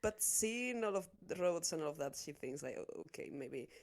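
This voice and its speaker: Lively, low-voiced woman player. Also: moderate pace. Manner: giggly, narrates her character. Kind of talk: tabletop role-play chat.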